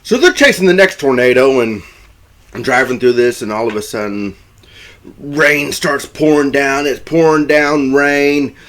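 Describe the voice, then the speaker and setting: A man casually recapping a film's plot as a reviewer, rambling and correcting himself, and now and then jumping into loud, high-pitched acted quotes. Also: lively intonation, measured pace. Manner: rambling, self-correcting storyteller. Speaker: movie reviewer.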